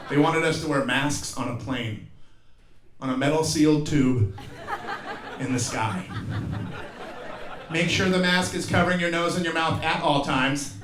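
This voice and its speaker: A man in his forties does a stand-up set in a theater, delivering profane stories full of character voices and abrupt yelps as the audience laughs. His voice is slightly high, and he takes his time, leaving long pauses. Background noise and audience laughter fill the roomy live recording.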